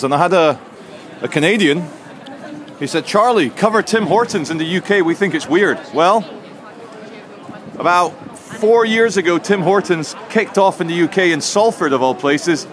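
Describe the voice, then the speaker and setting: A man's voice: mid-range voice, fairly bright tone. A man vlogging to camera on a city street, telling a story in a chatty, jokey way. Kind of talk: walking vlog to camera. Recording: faint street and traffic noise.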